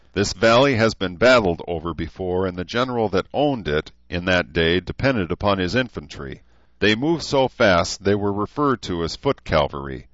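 A man's voice: low-pitched, fairly bright tone, no room sound. A man voicing a tough older male gunnery sergeant who lectures recruits in a formal, commanding way, on a dull, dry recording.

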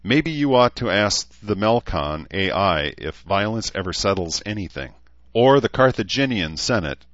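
A man's voice: fairly low pitch, sing-song, moderate pace, a bit bright, dry recording, lo-fi sound. A man reading an audiobook voices a hard-edged young man who speaks bluntly and wryly.

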